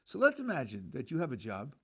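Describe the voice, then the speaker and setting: Man giving a lively rabbinic lecture. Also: mid-range voice, quick pace, slightly rough. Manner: explanatory, thinks aloud with fillers and restarts. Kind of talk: Torah class lecture.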